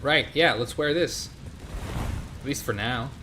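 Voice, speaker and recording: A man's voice: medium pitch, a little slow. A man with a Swedish accent casually commenting on a game he plays live, chatting with his viewers. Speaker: game streamer. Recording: steady background noise.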